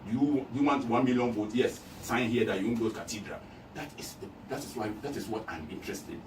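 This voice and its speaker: A man's voice: medium pitch, fast. A man from Ghana talking emphatically as an interview guest, repeating his points like a campaigner. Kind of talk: casual interview talk. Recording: echoey room, distant mic, noisy.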